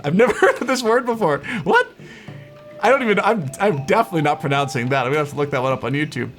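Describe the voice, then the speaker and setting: A man's voice: a little high, sing-song, quick pace, fairly bright tone, soft background music. A man doing casual let's-play commentary, amused, reading game text aloud as he plays. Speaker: gameplay streamer.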